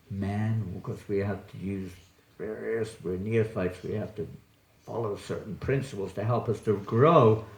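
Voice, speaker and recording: A man giving a scripture class as a visiting swami, chatty and joking, often quizzing his audience. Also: fairly low pitch. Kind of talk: sermon with audience questions. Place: temple hall. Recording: echoey hall.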